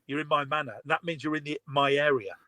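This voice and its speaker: A man's voice: a little high, quick pace, no echo, low-quality recording. A man, animatedly telling a story over a video call. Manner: animated storyteller, laughs often. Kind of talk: casual video call chat.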